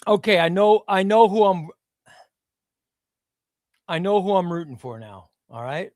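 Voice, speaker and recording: A man hosting a live stream, chatting casually and bursting into loud exclamations before dropping to quiet muttering. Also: high-pitched, a little slow, dry recording, clean studio sound. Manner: excitable, shouts names then drops to muttering.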